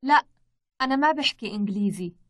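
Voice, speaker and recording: A young woman playing a Syrian woman in a language course dialogue, giving brisk, plain replies. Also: medium pitch, expressive, fairly bright tone, natural voice. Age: young adult. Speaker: model speaker in language course.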